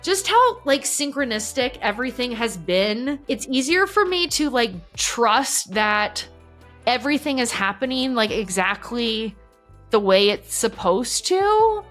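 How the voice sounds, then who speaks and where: A woman with a fairly high voice talks openly in a casual podcast chat. She swears without hesitation and peppers her sentences with "like". Faint music runs underneath. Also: very animated, measured pace, a bit bright. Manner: candid, swears freely, many filler "like"s. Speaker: podcast guest. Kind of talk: casual conversation.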